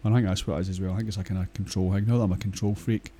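A man's voice: sits low, fairly even intonation, racing, warm tone, a little hiss or hum. A Scottish man talking in a casual, rambling monologue, blunt and crude, swearing often and hesitating with many fillers.

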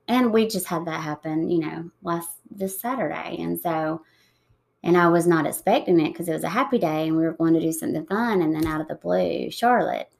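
Woman, low-pitched, gravelly, soft-spoken, reflective, interview guest. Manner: soft-spoken, reflective, with many pauses and fillers. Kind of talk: emotional interview conversation.

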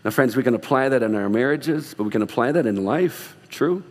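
A man's voice: mid-range voice, lively intonation, a little fast, long reverb tail. A male pastor preaching a sermon in a church, earnest with humorous asides, then leading a closing prayer. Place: church sanctuary.

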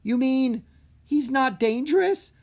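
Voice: mid-range voice, sing-song, measured pace, darkish tone, slightly rough, pitched above the performer's own voice, exaggerated voice. A storybook narrator voicing a brave, earnest young boy on a quest.

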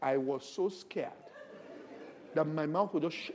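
A man preaching a sermon, animated and laughing, rising to loud, emphatic bursts. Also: on the high side, measured pace, pauses often.

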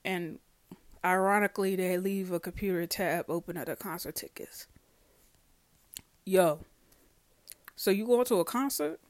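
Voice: mid-range voice, measured pace, long pauses, dry recording. A podcast host talking casually and at length, swearing freely and acting out conversations while telling a story. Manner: profane, storytelling, acts out dialogue; rambling, self-correcting. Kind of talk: casual discussion monologue.

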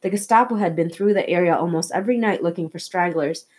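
A watchful man explains things plainly and matter-of-factly, read by a woman in her own lowish voice. There is no real character voice, just clear storybook dialogue. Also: quick pace, a little mellow, close to an everyday voice. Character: watchful grown man, a partisan lookout.

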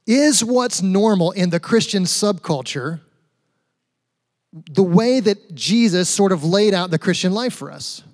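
A man's voice: sits high, darkish tone. A man preaching a conversational sermon, asking his listeners rhetorical questions and adding light humor. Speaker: pastor. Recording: long reverb of a large hall.

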